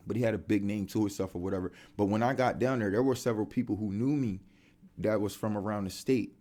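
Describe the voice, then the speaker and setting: A man's voice: lowish voice, fast talker. A man with a Delaware accent, telling faith testimonies in casual street slang and filling his talk with "you know what I'm saying.". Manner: animated street slang, many fillers. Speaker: faith vlogger.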